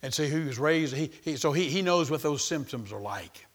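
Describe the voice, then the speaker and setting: A man's voice: fairly high pitch, animated, moderate pace. A man preaching a sermon, emphatic and repetitive, calling out to the congregation.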